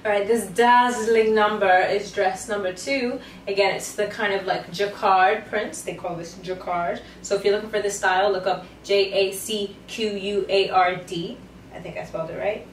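A woman's voice: mid-range voice, steady tone, normal speed. A young adult woman chatting playfully through a clothing try-on haul, with sassy slangy asides. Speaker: fashion vlogger. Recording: roomy, mic far off, faint noise.

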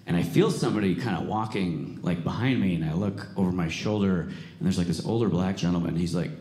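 A male comedian telling a story on stage in an animated way that builds to excited shouting. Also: low-pitched, a little fast. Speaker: stand-up comedian. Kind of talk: stand-up storytelling. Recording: roomy stage recording, faint noise.

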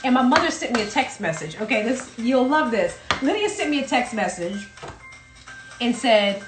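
Hosting a playful, chatty livestream from her Brooklyn home, this South Carolina woman speaks with a Southern accent in a sing-song voice on the high side. She keeps a moderate pace, and the roomy-sounding audio has music underneath.

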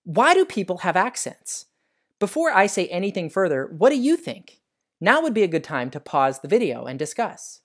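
An American man hosting a science lesson for kids, telling stories in a friendly, animated way. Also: high voice, normal speed. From United States. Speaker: educational show host.

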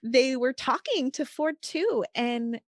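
A mother who is a podcast guest speaks slowly in a high-pitched, expressive voice. She shares a personal story earnestly and casually, with frequent "like" and "you know" fillers, and the sound is clean studio audio with no room sound.

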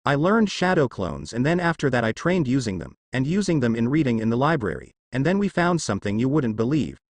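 An excitable teenage boy ninja from a fan story, read by a man in his own voice. The delivery swings lively and animated through the lines, and the voice sits close to the mic with no room sound around it. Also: mid-range voice, a little fast, no echo. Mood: excited. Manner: eager, excitable.

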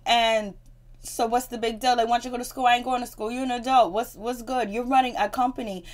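A woman's voice: fairly high pitch, fairly even intonation, brisk. A woman giving a casual spoken recap of a reality show episode, chatty and slangy, often laughing as she retells scenes. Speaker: TV recap vlogger.

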